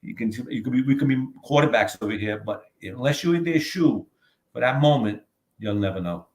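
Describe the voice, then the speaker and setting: A man's voice: medium pitch, lively intonation, fairly quick, darkish tone. An older man, telling stories as a guest, rambling and swearing freely. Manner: rambling, profane, many "you know what I mean". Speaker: guest, author. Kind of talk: casual storytelling.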